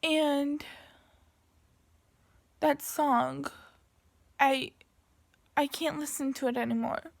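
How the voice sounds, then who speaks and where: A young woman telling a painful personal story to camera, slow and halting, with many pauses and restarts. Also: high voice, steady tone, vocal fry.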